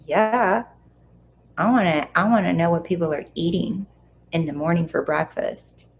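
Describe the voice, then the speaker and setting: A chatty woman hosts a casual livestream from home, reading viewer comments aloud and reacting to each one. Her voice sits a little low and carries a gravelly, creaky edge. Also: normal speed, slight background noise. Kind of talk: casual live chat.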